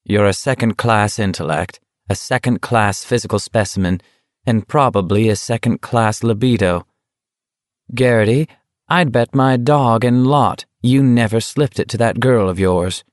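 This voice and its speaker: A sly young man who needles his rival with cool, mocking calm, as a male audiobook narrator reads him. His low voice stays unhurried and condescending, even when soothing. The sound is close and dry. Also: no echo, natural voice. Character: young male walker, taunting, coolly needling.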